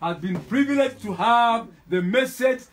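A man's voice: very high voice, unhurried, low-quality recording. A man leading a gathering at a children's home in call-and-response cheers, with hesitant fillers. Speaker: church leader leading a welcome. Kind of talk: exhortation to a gathering. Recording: crowd and noise in a busy room.

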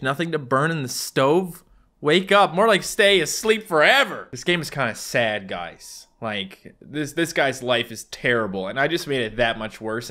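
A young man doing goofy, comedic commentary while playing a game, jumping into loud excited outbursts. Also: mid-range voice. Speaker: gaming YouTuber. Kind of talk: comedic let's play commentary. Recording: faint game music behind.

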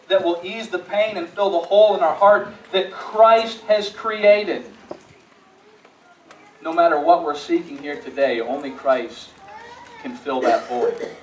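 High-voiced male pastor preaching in an echoey church. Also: lo-fi sound, slight background noise. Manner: swings from hushed storytelling to rising emphatic appeals; repeats words when restarting phrases. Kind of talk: sermon. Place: church sanctuary. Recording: echoey church room, mic at a distance.

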